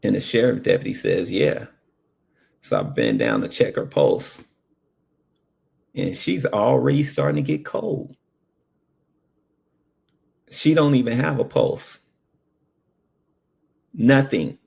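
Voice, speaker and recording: Slow gravelly man telling a story. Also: mid-range voice, sing-song, a little mellow. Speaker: paramedic. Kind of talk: personal storytelling.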